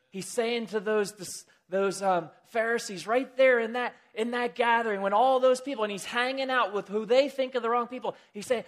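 A man preaching a sermon, retelling a story in a lively, casual way with chatty asides. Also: moderate pace, few pauses. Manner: animated storytelling, pitch rising with excitement.

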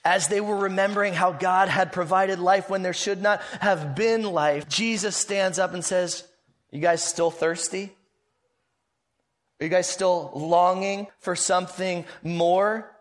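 High-voiced preaching man. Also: fairly even intonation, a little slow. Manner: dynamic preaching, rising loud then dropping soft. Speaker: pastor. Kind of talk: sermon.

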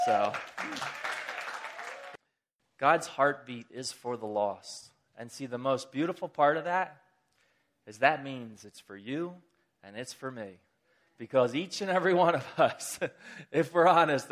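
A man preaching a sermon, retelling a story in a lively, casual way with chatty asides. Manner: animated storytelling, pitch rising with excitement.

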